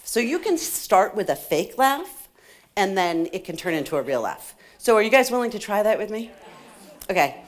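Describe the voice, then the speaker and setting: Middle-aged woman conference speaker, lively swooping voice, playful and laughing, talks to the crowd. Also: medium pitch. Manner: animated, laughs often, playful asides to the audience. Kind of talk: motivational talk to a live audience. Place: conference hall stage.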